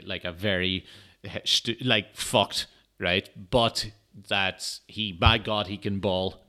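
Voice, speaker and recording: A man rambles through a casual solo podcast, swearing freely and padding his talk with fillers. He sounds tired and yawns now and then. His voice sits low, with a bright, forceful edge. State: tired, yawning. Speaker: podcast host. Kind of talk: casual solo sports chat.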